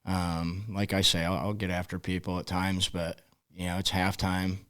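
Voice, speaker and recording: A man's voice: low voice, normal speed, smooth. A middle-aged man, a football coach, telling stories in a podcast interview and acting out the dialogue as he goes. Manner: relaxed storyteller who acts out quoted dialogue. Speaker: high school football head coach.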